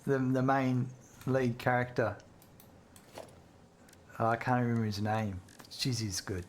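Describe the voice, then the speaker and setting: A man chatting loosely with his viewers while he plays, at a middle pitch. He talks in a relaxed, joking way and laughs easily. A faint noise hums under his voice. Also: measured pace. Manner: chatty, laughs easily, reads chat aloud. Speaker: game streamer. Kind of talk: casual gameplay chat with viewers.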